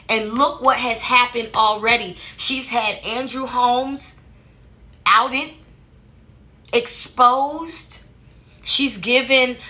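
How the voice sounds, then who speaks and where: A woman's voice: fairly high pitch, sharp tone. A woman hosting a casual commentary, talking in a sassy, colloquial way with laughing asides. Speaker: commentary host.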